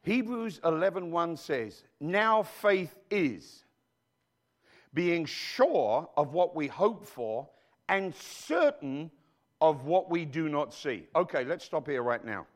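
Pitched fairly high and very animated, a foreign-raised male pastor takes his time delivering a church sermon. He keeps calling out questions to his congregation in a preachy call-and-response manner.

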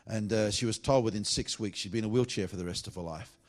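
An evangelist preacher, telling healing stories in a blunt, emphatic sermon. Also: male voice, fairly low pitch, quick pace. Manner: animated storytelling, blunt and emphatic.

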